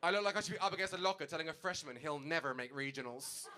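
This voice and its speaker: A young man doing a stand-up comedy set on stage, telling a story with animated delivery and acted-out dialogue. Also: a little high, fast, background noise. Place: comedy stage before an audience.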